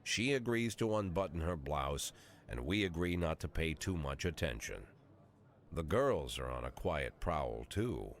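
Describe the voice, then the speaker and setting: A man's voice: a bass voice, lively intonation, measured pace, heavily acted. A man voicing a cynical, weary police chief in his sixties, narrating a video game in a dry, sardonic monologue. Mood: wry. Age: 60s.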